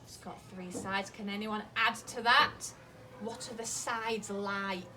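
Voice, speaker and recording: A woman teaching a maths lesson to a class of young children, slowly asking questions, encouraging their answers and repeating them back. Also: mid-range voice, fairly even intonation, bright, forceful tone, a little hiss or hum. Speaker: early years teacher.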